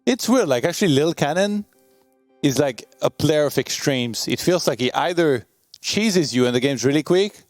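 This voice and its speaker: A man's voice: a little high, expressive, normal speed, no room sound, soft background music. Dry-humored man calling play-by-play. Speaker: esports caster. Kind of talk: live game commentary.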